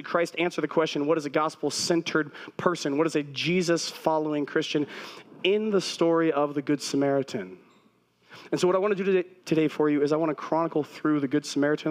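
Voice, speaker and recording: A man's voice: fairly high pitch, steady tone, fast talker. A man preaching a sermon to a congregation in a conversational, direct way, repeating key phrases and turning to the listeners with asides. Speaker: pastor.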